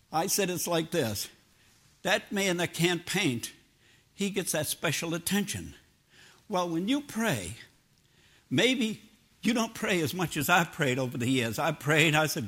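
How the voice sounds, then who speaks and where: A man's voice: sits high, big pitch swings, measured pace, long pauses, a bit bright, breathy edge. An older man preaching a sermon in a homespun, plain-spoken way, mixing personal stories with scripture. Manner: homespun, plain-spoken, drops into everyday grammar.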